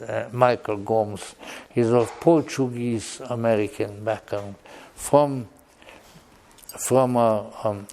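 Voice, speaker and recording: A man giving an unscripted public lecture in a wry, digressive way, with joking asides and halting restarts. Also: medium pitch, mellow.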